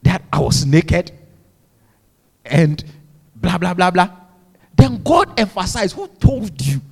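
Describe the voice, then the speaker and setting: A man's voice: sits high, sing-song, slow, vocal fry, long reverb tail. A male pastor preaching a fervent sermon in a church, calling on the congregation to repeat after him. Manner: fervent preaching with call-and-response exhortations.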